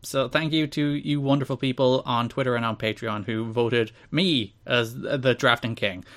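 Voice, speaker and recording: Male podcast host, mid-pitched, boastful and ribbing in casual chat. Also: steady tone, normal speed, fairly bright tone. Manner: boastful, teasing.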